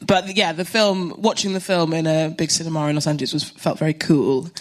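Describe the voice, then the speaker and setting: A woman's voice: sits low, fairly even intonation, fairly quick. A British woman, a comedian and actor, chatting on a cinema stage as a live podcast guest, laughing easily and mocking herself. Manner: chatty, giggly, self-mocking.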